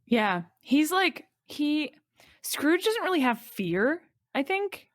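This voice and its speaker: A woman's voice: high-pitched, sing-song, slow, no room sound, clean studio sound. Enthusiastic woman chatting as a guest. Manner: enthusiastic, rambling with many fillers. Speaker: podcast guest. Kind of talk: casual chat.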